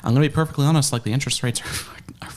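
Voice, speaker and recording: A man's voice: mid-range voice, fairly even intonation, very fast. A man appearing as a guest, explaining his spending in a hesitant, rambling way. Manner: rambling, hesitant, many fillers and restarts. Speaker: guest with debts.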